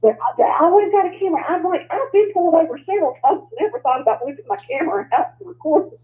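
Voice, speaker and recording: A woman's voice: very high-pitched, fast. A middle-aged woman calling in to a show, plain-spoken and matter-of-fact. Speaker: caller. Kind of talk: phone-in conversation. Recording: tinny phone line.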